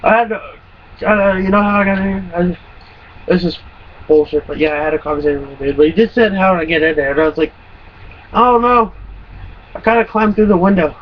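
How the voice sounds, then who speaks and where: A man's voice: on the high side, quick pace. Profane rambling young guy on a muffled recording. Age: around 20. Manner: rambling, profane, laughs through his stories. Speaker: vlogger. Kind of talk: casual storytelling. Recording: muffled lo-fi recording with faint hum.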